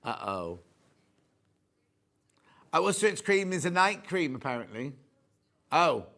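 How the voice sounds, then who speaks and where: A man's voice: on the high side, sing-song, a little slow, fairly bright tone. English guy hosting live shopping tv, chatty and jokey, voice goes up and down a lot. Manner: chatty, jokey, reads out viewer messages. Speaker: shopping channel presenter. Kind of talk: live home shopping chat. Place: TV studio.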